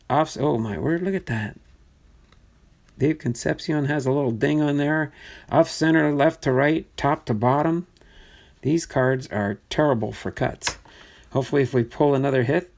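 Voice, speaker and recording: A man hosting a live card-breaking stream, reading out names in a chatty way with sudden excited bursts. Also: mid-range voice. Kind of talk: live box-break commentary.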